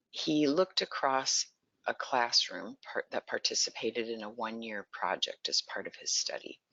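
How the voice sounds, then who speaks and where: A presenter walks listeners through early literacy in an online webinar, keeping the tone bright and forceful. The delivery is patient and explanatory, with frequent questions to the audience. The sound is dry and close, a little dull and lo-fi. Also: medium pitch, no room sound. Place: lives in Texas.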